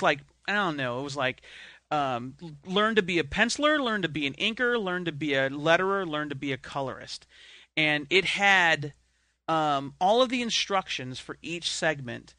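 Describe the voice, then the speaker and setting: A man's voice: a little high, sharp tone, no room sound. A man co-hosting a podcast, telling rambling, self-deprecating stories in casual banter. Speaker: podcast co-host.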